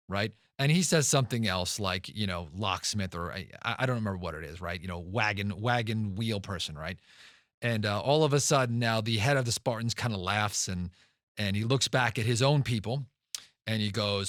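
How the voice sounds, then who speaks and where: A man's voice: lowish voice, moderate pace, a bit bright, dry recording, clean studio sound. A man hosting a podcast who talks emphatically, tells stories and repeats words for stress. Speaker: podcast host and real estate investor. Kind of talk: podcast monologue.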